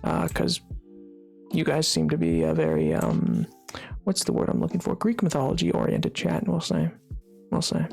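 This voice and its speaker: A livestreamer chatting casually with a live audience while gaming, rambling with lots of fillers and restarts in a relaxed, drowsy way. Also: mid-range voice, normal speed, creaky, breathy edge, faint music behind.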